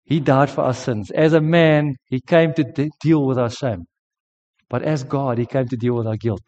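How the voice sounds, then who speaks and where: A man's voice: mid-range voice, steady tone, moderate pace, a little mellow. A middle-aged man preaching a sermon, telling a personal testimony earnestly. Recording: dull lo-fi sound with long hall reverb.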